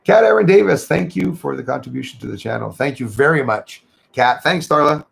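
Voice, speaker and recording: A man's voice: mid-range voice, animated, brisk, creaky. A Canadian man hosting a casual livestream, chatting loosely and thanking viewers by name as he reads their comments. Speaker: livestream host.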